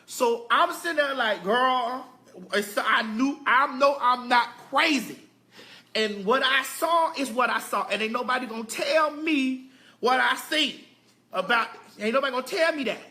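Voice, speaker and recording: A woman vlogger telling a story at home in a casual, emphatic and animated way. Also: high voice, normal speed. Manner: emphatic and animated, often addressing viewers as "girl". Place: home, indoors.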